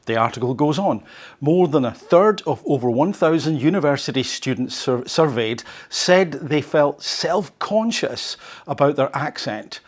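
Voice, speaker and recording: A male podcast host who reads an article and comments on it, conversational and fond of rhetorical questions. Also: fairly high pitch. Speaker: host of a language learning podcast.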